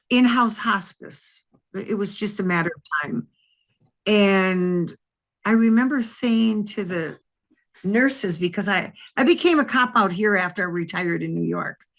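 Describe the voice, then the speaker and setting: An older woman from Wisconsin, a retired detective, telling a long personal story in an interview and acting out the voices of the people in it. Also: medium pitch. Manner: lively anecdotal telling, acts out quoted voices.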